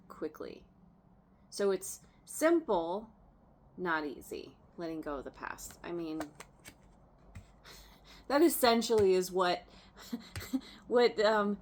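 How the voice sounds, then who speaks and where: A woman with a lowish voice gives a relaxed, unhurried tarot reading. She chats loosely, laughs now and then and circles back over her words. A faint hum of background sound sits under her voice. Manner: chatty, laughs often, trails off and restarts. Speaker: tarot reader.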